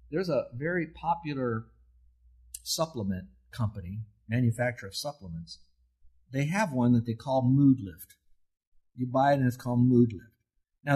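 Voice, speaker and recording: Middle-aged guy preaching, husky voice, earnest and chatty, gets louder when he pushes a point. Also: mid-range voice. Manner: earnest, conversational preaching with rising emphasis. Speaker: pastor. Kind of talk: sermon.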